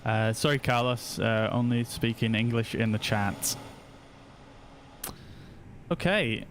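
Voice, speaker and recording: A man giving casual commentary while streaming a flight simulator, switching to slow, flat voice commands now and then. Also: mid-range voice, slight background noise. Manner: slow, flat voice commands between chatty asides.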